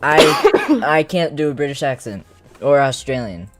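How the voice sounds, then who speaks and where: A woman's voice: deep voice, lively intonation, measured pace, soft background music. An American woman reading a comic aloud on a stream, joking and giggling often.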